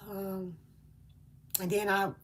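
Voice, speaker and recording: A woman's voice: medium pitch, fairly even intonation, measured pace, breathy edge. A woman speaking, delivering a channeled spiritual message in an earnest, emotional way with hesitant fillers.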